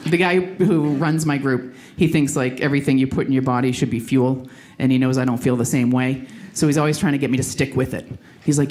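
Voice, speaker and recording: A woman's voice: rumbling low, fairly even intonation, brisk, hardly any pauses, a little mellow. A woman performing a stand-up comedy routine, telling self-deprecating stories about her workouts on a comedy stage.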